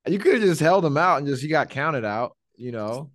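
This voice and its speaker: A man's voice: a little high, expressive, brisk, no echo. Male podcast host, loose joking delivery with swearing, dry recording. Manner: profane, rambling, joking. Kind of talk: casual wrestling chat.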